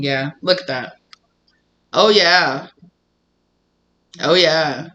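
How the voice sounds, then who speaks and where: A man giving a casual tarot reading, his voice bright and sharp and pitched a little high. He talks in an animated, emphatic way and laughs often, over a faint background hiss. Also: slow pace, pauses often. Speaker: tarot reader.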